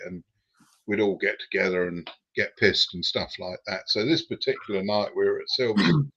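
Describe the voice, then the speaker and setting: An older man, a former racing driver, telling cheeky stories with casual swearing. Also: lowish voice. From Britain. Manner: cheeky, swearing, relaxed storytelling. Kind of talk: casual anecdote on a live stream. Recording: dull lo-fi recording.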